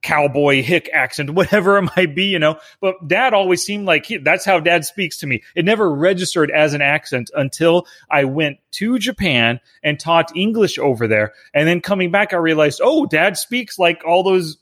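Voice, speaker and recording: A man's voice: a little high, expressive, moderate pace, hardly any pauses, a bit bright. Upbeat man hosting a casual podcast. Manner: upbeat, chatty, easygoing. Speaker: podcast host. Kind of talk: casual chat. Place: home basement.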